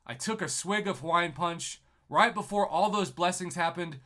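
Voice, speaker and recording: Man, young adult, from New Mexico, personal storytelling, bright tense voice, animated, acts out quoted dialogue. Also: high-pitched, normal speed. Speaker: YouTuber telling his life story.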